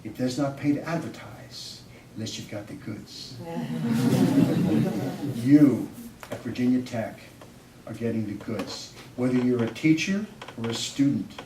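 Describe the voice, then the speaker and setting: A man, a psychology professor, giving an animated storytelling lecture to an audience, swinging between loud bursts and quiet asides. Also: medium pitch, a little slow, long pauses, noisy background. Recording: roomy hall, distant microphone.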